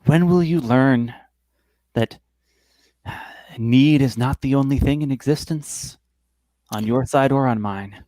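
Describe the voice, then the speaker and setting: A weary female spirit of Death, played by a man, speaks in a sighing, gently chiding tone from a tabletop game. Her pitch sits in an ordinary middle range. The sound is dry and close, with no room around it. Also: slow, long pauses, no echo, lightly acted. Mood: wry, weary.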